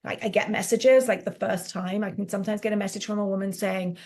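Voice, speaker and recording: Animated woman fitness coach telling stories. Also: medium pitch, normal speed. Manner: animated, acts out quotes, frequent "like" fillers. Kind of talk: conversational interview storytelling.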